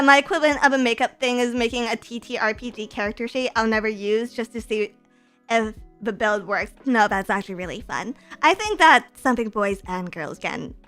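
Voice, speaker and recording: Woman, high-pitched, clear and smooth voice, casual live-stream chat, teasing, bursts of shrieking laughter. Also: bright, forceful tone. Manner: teasing, playfully sarcastic. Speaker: streamer reading viewer donations.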